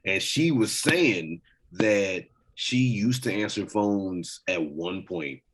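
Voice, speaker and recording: A man's voice: on the low side, expressive, slow pace, fairly bright tone, slightly rough. A man co-hosting a podcast in casual, rambling chat, swearing freely. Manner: rambling, profane, full of fillers. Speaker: podcast co-host.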